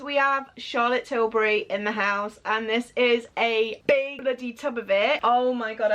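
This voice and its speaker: Excitable beauty vlogger, gasping and gushing, a touch high-pitched, faint hiss behind. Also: female voice. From United Kingdom. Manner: gushing and excitable, with gasps and exclamations. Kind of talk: casual unboxing vlog.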